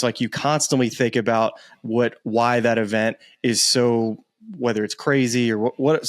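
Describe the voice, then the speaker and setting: A man's voice: mid-range voice, dry recording. A young man hosting a casual interview, asking long rambling questions with easy laughter. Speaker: host.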